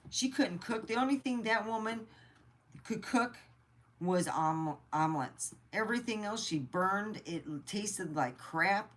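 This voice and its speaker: A middle-aged American woman vlogger tells personal stories in a blunt, chatty way, cursing freely. Her voice is low-pitched with a fairly bright tone, and the talk is casual storytelling.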